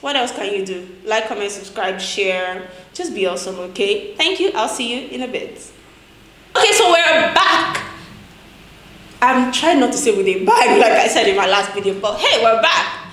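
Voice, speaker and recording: A woman's voice: medium pitch, lively intonation, fairly quick, slight background noise. A young Nigerian woman with a Nigerian accent, hosting a playful, chatty language tutorial vlog and laughing often. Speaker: vlogger. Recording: echoey room.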